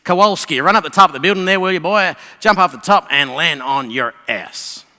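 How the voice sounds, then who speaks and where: A man voicing a brash, loud American army general who barks orders, in a joke told from a conference stage. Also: medium pitch, lively intonation, measured pace. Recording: long reverb of a conference hall.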